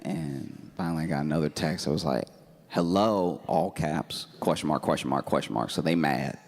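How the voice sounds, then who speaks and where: Male stand-up comic, deep gravelly voice, deadpan and laid-back, audible room noise behind. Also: normal speed. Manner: deadpan, laid-back delivery with laughing asides. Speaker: stand-up comedian. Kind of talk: stand-up storytelling.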